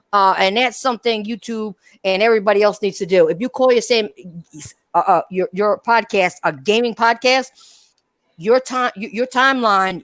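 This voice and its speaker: A woman's voice: mid-range voice, no room sound. Blunt, ranting woman podcast host. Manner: blunt, profane, repetitive, addresses listeners directly. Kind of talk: heated casual podcast rant.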